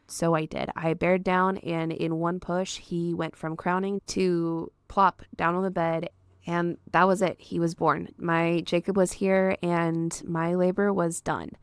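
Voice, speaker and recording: A woman's voice: fairly low pitch, little pitch movement, measured pace, clean tone, no room sound, studio quality. A young woman hosting a podcast, a doula and childbirth educator telling her own birth story in an earnest, heartfelt, emphatic way. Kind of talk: personal storytelling monologue.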